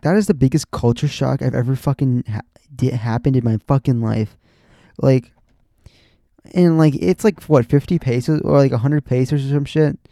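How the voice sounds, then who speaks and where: A man's voice: medium pitch, moderate pace, vocal fry, dark tone, no room sound, studio quality. A young man from the USA talking in a loose, rambling monologue, full of restarts and "like" fillers, swearing casually. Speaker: podcast host.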